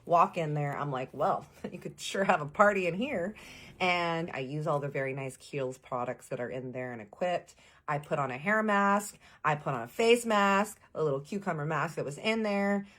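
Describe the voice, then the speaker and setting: A woman's voice: deep voice, normal speed, fairly bright tone. A young woman, casually telling a storytime tale, chatty and slangy, acting out the dialogue. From Texas.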